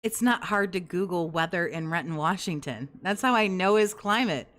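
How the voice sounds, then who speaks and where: A woman's voice: fairly low pitch, moderate pace, fairly bright tone. A woman hosting a commentary show, reacting to clips in a sarcastic, scornful way and swearing freely. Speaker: commentary podcast host.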